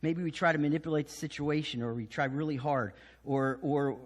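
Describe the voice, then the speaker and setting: A man preaching a sermon as pastor, telling the story with lively acted voices and sudden hushed drops. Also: a little high, brisk, long reverb tail. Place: church sanctuary.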